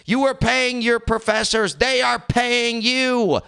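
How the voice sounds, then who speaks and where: A man's voice: very high voice, little pitch movement, takes it slowly, vocal fry, hardly any pauses, pushed and bright, clean tone. A young man hosting a podcast in casual talk, rambling and exasperated, slipping into mocking voices. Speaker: podcast host.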